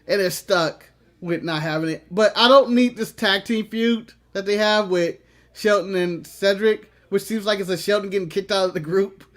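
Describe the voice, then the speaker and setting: Man, high voice, casual podcast chat, laughs a lot, acts out quotes. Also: normal speed. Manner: laughing, animated storytelling with acted-out quotes. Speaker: wrestling podcast co-host.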